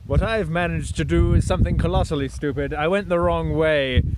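A young man chatting casually to the camera outdoors on a ski slope, excitable and thinking aloud as he goes. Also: fairly high pitch, a little fast, noisy background. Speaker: vlogger learning to snowboard. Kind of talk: casual vlog commentary.

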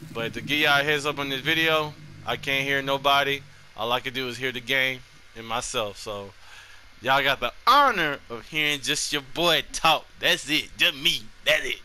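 A man hosting his gaming channel, giving casual gameplay commentary with loud, excitable, repeated exclamations. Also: mid-range voice, a little hiss or hum. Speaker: gaming YouTuber host.

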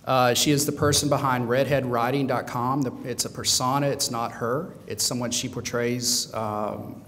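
Hesitant male event host doing an introduction, medium pitch, long hall echo. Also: fairly even intonation, fairly bright tone. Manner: halting, with many uh and um. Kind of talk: speaker introduction. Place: large meeting room. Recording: echoey hall with long reverb.

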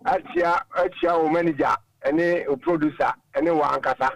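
A man speaks in a high, gravelly voice as a caller on a radio talk show. His manner is earnest and moralizing, and the sound is dry and close, with no room around it. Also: steady tone, normal speed, no echo, poor audio. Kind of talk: call-in radio chat.

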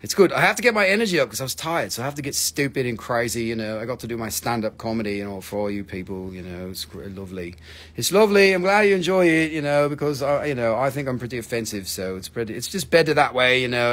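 A man's voice: mid-range voice, expressive, quick pace, fairly bright tone. A man hosting a live crystal sale, chatting casually, joking around and swearing freely. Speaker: host selling crystals on a live stream. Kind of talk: casual live-stream sales chat.

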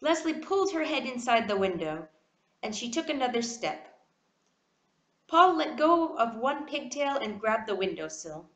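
A woman reads a children's storybook aloud with animated expression. Her voice sits fairly high and moves widely, and an echoey room surrounds it. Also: measured pace. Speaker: reader.

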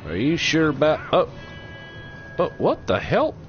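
A man's voice: fairly high pitch, lo-fi sound, faint music behind. A man hosting a gaming channel, giving goofy, joking commentary while he plays. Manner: goofy, joking, slow and lively. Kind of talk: let's play commentary.

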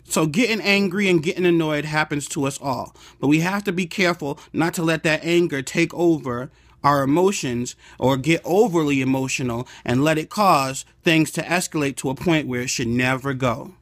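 A man's voice: on the high side, normal speed, a bit bright, no echo. A man hosting a comedic devotional video, talking in a playful, preachy way and reading scripture. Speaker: host.

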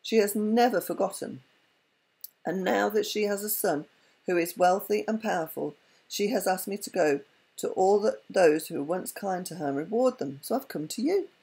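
A woman voicing a wealthy male enchanter who speaks gravely and in a measured way in a storybook reading. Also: mid-range voice, dark tone, poor audio.

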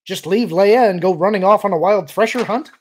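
A man's voice: sits high, lively intonation, brisk, vocal fry, a little mellow, a little hiss or hum, voice pushed up. Man voicing a brash, growling male pilot. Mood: impatient. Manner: growling and impatient.

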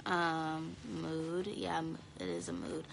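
A woman's voice: big pitch swings, unhurried, gravelly, background noise. Sleepy young woman on a live stream. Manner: sleepy, drowsy, low-energy. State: tired. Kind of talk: casual live stream chat. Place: home, indoors.

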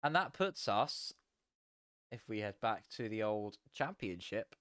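A tired young man chatting casually as a sim racing streamer, relaxed and rambling with frequent chuckles. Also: on the low side, a little slow, dry recording, studio quality. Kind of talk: casual live stream chat.

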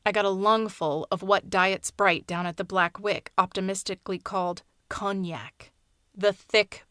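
A woman reads fiction aloud in a soft, hushed, measured voice. Her pitch sits in the ordinary middle range. The recording is dry and close, with no echo. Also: smooth. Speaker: audiobook narrator. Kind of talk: scripted fiction narration.

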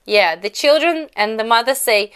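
A young woman with a Russian accent leads a children's English lesson in a high, lively voice. She speaks very slowly and coaxes little ones to repeat each phrase. Her tone is smooth and clear. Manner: slow, exaggerated, coaxing delivery with prompts to repeat.

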